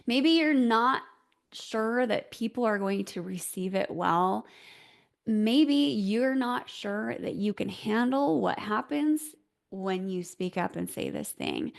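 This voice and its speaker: A woman hosting a solo advice talk, coaching listeners on how they speak with clear, deliberate explanations and emphatic rises. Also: medium pitch, expressive. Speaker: host, voice coach.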